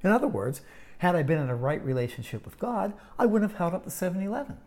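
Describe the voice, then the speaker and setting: A woman teaching a Bible lesson in sermon style, storytelling with dramatic pauses and wry asides. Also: fairly low pitch, very animated, darkish tone.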